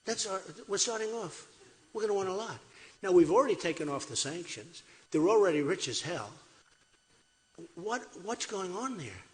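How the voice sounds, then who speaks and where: A man's voice: sits high, very animated, moderate pace. An older man giving an off-the-cuff, repetitive campaign rally speech at a podium in a large hall. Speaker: political candidate. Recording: echoey hall.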